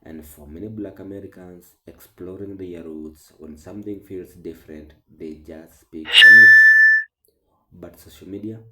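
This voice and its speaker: A man hosting a commentary channel, talking through online clips with halting speech, many fillers and restarts. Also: sits low, steady tone, pushed and bright, roomy sound, low-quality recording.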